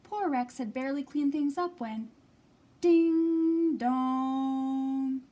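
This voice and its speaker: A woman librarian reading a picture book aloud at a children's storytime, expressive and animated. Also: sits high, moderate pace.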